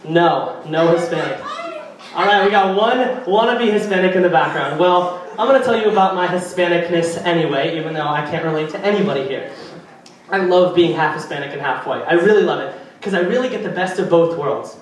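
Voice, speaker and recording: High-voiced young man doing stand-up. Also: brisk. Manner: rambling, chatty, teasing the audience. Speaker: stand-up comedian. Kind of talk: stand-up routine. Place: live comedy venue. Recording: echoey venue, far from mic.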